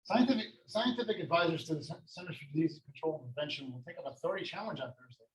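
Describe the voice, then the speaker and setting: A man's voice: a little high, expressive, quick pace, rough recording. Rambling, chatty male classroom teacher. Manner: rambling, self-deprecating, lots of fillers. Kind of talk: casual classroom lecture.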